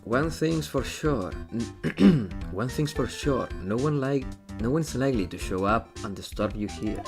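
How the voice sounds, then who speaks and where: A man's voice: mid-range voice, lively intonation, a little slow, voice pushed down. A man voicing a cool, stern male prosecutor who speaks curtly and scolds, with game music behind.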